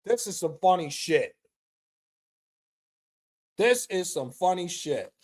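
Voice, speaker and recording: A man streaming a live reaction to a football match, excitable and profane, trash-talking the players. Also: high-pitched, takes it slowly. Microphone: streaming mic.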